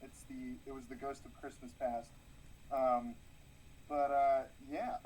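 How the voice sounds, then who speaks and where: A man's voice: mid-range voice, flat delivery, a little slow, noisy background. A man co-hosting a podcast, delivering crude jokes in a dry, rambling way. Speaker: podcast co-host. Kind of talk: crude comedic banter.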